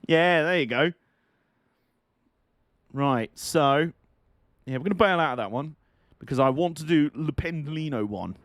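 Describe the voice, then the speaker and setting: A man giving excitable, jokey, mock-outraged live commentary while streaming a game. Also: a little high, dry recording.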